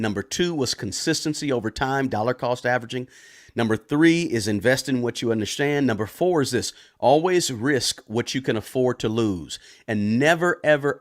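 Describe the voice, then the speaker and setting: A man hosting a personal finance channel, answering viewer questions live in a loud, casual way and often ending points with a tag question. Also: mid-range voice. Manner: talks loud, tag questions, frequent restarts.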